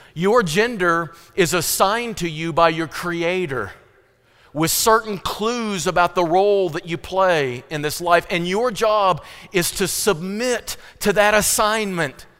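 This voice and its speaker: A man's voice: high voice, fairly bright tone, clear, resonant tone, long reverb tail. A man preaching a sermon as pastor, emphatic and rising and falling in intensity.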